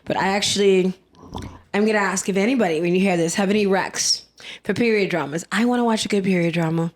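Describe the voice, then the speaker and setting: A woman's voice: medium pitch, quick pace. A woman in her thirties chatting casually as a podcast co-host, rambling with plenty of fillers and talking with food in her mouth. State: eating while talking. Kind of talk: casual chat.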